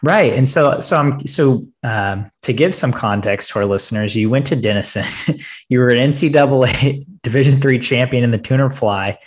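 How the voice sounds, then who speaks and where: A man's voice: mid-range voice, normal speed. A man interviewing a coach for a podcast, laughing often and framing questions for listeners. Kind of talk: casual interview.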